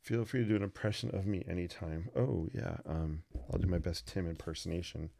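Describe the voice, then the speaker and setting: In clean studio sound with no room echo, a man hosts a live sketching stream, talking fairly quickly in a low, gravelly, mellow voice. He teaches as he draws, rambling casually and slipping in jokes.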